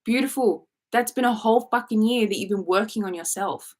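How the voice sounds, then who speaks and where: A woman's voice: a little high, a little fast, darkish tone. A woman coaching on a live stream, talking bluntly and sassily, swearing freely and acting out quoted inner thoughts. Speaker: manifestation coach.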